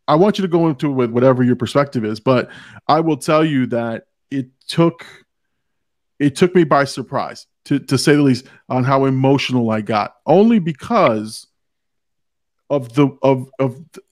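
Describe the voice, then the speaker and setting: A man's voice: on the high side, animated, normal speed, no room sound, studio quality. A man hosting a movie podcast in casual chat, rambling and stumbling over his words, swearing freely. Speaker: podcast host.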